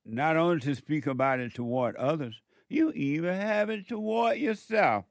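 A man preaching a sermon, scolding and emphatic, with sudden swings in loudness and pitch. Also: expressive, moderate pace, no echo.

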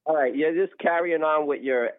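A man's voice: a little high, normal speed, dry recording. A man calling in to argue about religion, preachy and agitated, often talking over the other speaker, heard through a phone line. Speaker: caller. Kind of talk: heated religious argument on a call-in show.

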